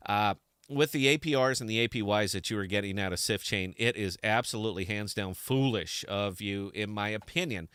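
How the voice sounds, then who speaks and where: A man hosting a live stream and talking straight to camera, wandering off topic and restarting his sentences. His voice is low, bright and forceful, with a smooth, resonant tone. The sound is close and dry. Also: brisk, dry recording. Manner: rambling and distracted, many restarts. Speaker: podcast host.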